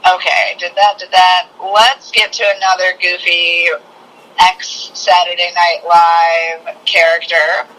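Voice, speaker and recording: A man's voice: sits high, flat delivery, slow pace, sharp tone, poor audio. A man co-hosting a casual podcast, rambling and giggling, often losing track of names mid-thought. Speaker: podcast co-host. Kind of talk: casual chat.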